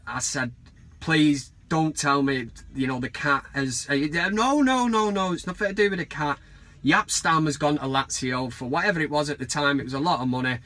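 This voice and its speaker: Manc bloke ranting about football in his bedroom, swears a lot, bright slightly high voice. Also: no room sound. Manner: rambling, sweary, self-mocking. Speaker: fan vlog host. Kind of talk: casual bedroom vlog rant.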